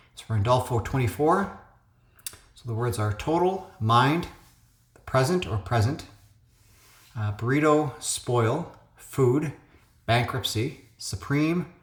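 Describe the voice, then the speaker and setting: A man of middle pitch hosts a casual puzzle video, talking things through out loud with frequent ums and uhs. He is recorded on a phone webcam, and his voice sounds echoey in a room at home. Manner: thinks aloud with frequent fillers. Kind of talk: casual solo commentary.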